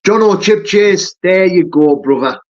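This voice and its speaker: Matey fighter on a live stream. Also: male voice, high-pitched, dull audio. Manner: matey, peppers talk with "mate" and "you know". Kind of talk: casual live-stream chat, answering viewer comments.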